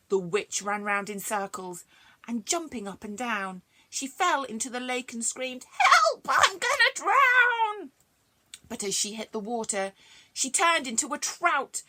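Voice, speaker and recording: A woman librarian reading rhyming stories aloud to children, expressive and chatty between verses. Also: medium pitch. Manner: expressive, sing-song, chatty asides.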